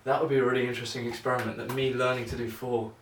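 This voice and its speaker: A man's voice: medium pitch, flat delivery, rapid-fire. Rambling young man in an echoey room. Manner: rambling, self-mocking, thinks out loud. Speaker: vlogger. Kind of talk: casual talk while practising juggling. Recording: echoey room, mic at a distance, noisy.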